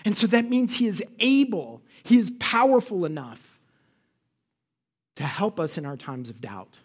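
A man's voice: high voice, sing-song, a little slow, breathy edge. A man preaching a sermon as a pastor. He speaks animatedly, asks the congregation questions and acts out the quotes he reads.

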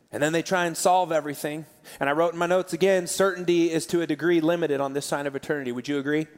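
Pastor, male, higher-pitched voice, emotional freestyle sermon, long hall reverb, soft music under it. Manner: emotional, earnest, swings from soft to loud. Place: large church hall. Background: soft band music.

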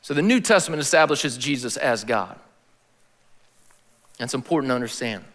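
A man giving a sermon as a pastor, in a casual, slangy style with animated emphasis. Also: medium pitch, normal speed, long reverb tail.

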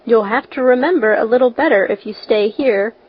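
Brief: a strict, stiff older woman who lectures, as a woman reader puts her on. Slightly high, muffled recording. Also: fairly quick, husky. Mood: stern. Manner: stiff, admonishing. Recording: dull lo-fi recording.

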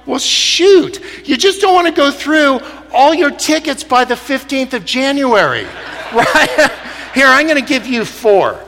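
A middle-aged man giving an animated, joking talk to a church crowd, moving from hushed lines to loud punchlines. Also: extremely high pitch. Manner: animated, jokey, swings from quiet to loud. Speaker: speaker. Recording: long reverb of a large hall.

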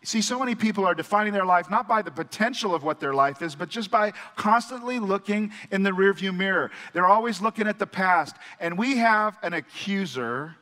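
A man's voice: high-pitched, expressive, fairly quick, few pauses, bright, forceful tone. A male pastor preaching a sermon in an earnest, conversational storytelling manner. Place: church. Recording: church hall with long reverb.

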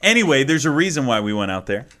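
A man hosting a podcast, telling a personal story in an animated, emphatic way and laughing easily. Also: medium pitch, fast, a little hiss or hum. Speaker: podcast host. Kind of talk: casual storytelling chat.

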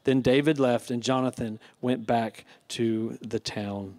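A man's voice: medium pitch, fairly even intonation, measured pace, darkish tone. A male pastor preaching a sermon, reading scripture and retelling it with casual asides.

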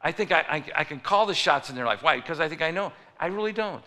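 A man's voice: fairly high pitch, expressive, fast, sharp tone. A man preaching a sermon, telling stories and acting out the people in them. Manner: storytelling preacher, acts out voices. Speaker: pastor. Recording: long reverb of a large hall.

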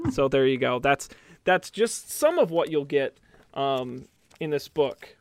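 In a dry recording, a man hosting a podcast speaks in an expressive mid-range voice at a measured pace. He closes out the casual chat with an upbeat recommendation, full of fillers and restarts.

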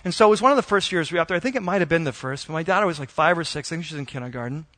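A middle-aged man preaching a sermon in a relaxed, conversational way, telling a family story with plenty of ums and restarts. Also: a little high, very fast. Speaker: pastor.

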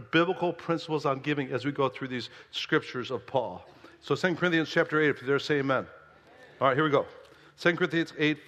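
A man preaching as pastor, telling a story in a lively, conversational way. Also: mid-range voice. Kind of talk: sermon. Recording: long hall reverb.

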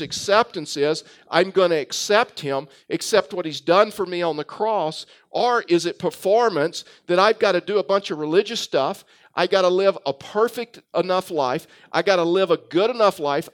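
A man preaching a sermon, telling a story with frequent fillers and restarts. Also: high-pitched. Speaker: pastor.

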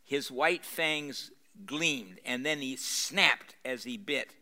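Older man reading aloud with a bright tone. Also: medium pitch, expressive, slow pace. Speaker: pastor reading a novel aloud. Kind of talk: live lecture reading with commentary. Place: university lecture room.

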